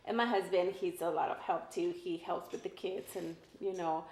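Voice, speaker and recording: Speaking at a normal speed with a low, darkish voice, this middle-aged El Paso realtor is a guest in a relaxed interview. She gets emotional and laughs a lot, and the space around her echoes.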